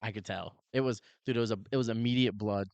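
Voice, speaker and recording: Man, lower voice, casual podcast storytelling, animated, lots of "like" and "dude", dry close mic. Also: fast, creaky, dry recording. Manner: animated, heavy use of "like" and "dude", acts out quotes. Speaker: podcast co-host, police officer.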